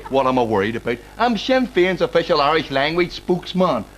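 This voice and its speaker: A blustering Belfast dad. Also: male voice, on the high side, a little fast, a little hiss or hum, rough recording. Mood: pompous. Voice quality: excitable, whiny, pompous bluster. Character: blustering lazy male Sinn Féin spokesman father. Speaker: sitcom character. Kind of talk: sitcom acting.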